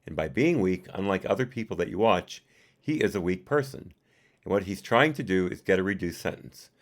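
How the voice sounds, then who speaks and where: A man's voice: low-pitched, animated, fairly quick. A man doing a live reading of a report, reading the punctuation aloud and adding his own asides. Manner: reads punctuation aloud and adds personal asides. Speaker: reader and commentator.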